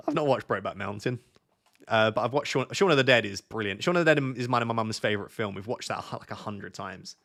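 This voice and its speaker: A man's voice: on the low side, animated, fast talker, creaky, fairly bright tone. A young man, chatting casually with viewers on a live stream, joking and thinking aloud as he reads their comments.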